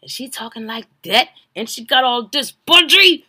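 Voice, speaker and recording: Animated, profane woman podcaster. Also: on the high side, normal speed, background noise. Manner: animated, profane, swinging from loud exclamations to hushed asides. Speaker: podcast host recapping a reality show. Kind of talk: casual comedic recap.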